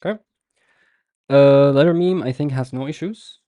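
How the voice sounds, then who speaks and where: A man's voice: mid-range voice, dry recording, highs cut off. A man teaching a beginners' language lesson, patiently explaining and repeating each word several times with frequent fillers. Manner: patient, repeats words slowly with many fillers.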